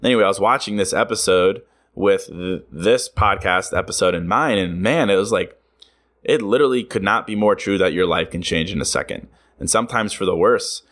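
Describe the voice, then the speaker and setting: A man's voice: sits low, a little fast, a bit bright. A young man hosting a solo podcast, talking candidly, swearing freely and laughing at himself. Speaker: podcast host. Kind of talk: casual solo podcast monologue.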